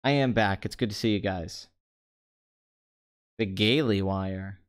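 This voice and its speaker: Deadpan low-voiced male film host. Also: takes it slowly. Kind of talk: comedic box office chat.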